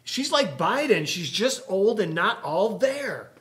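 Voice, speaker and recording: A man's voice: high voice, very animated, slow pace, fairly bright tone. A man co-hosting a political talk show, exasperated and pleading. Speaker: show co-host. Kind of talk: political commentary chat.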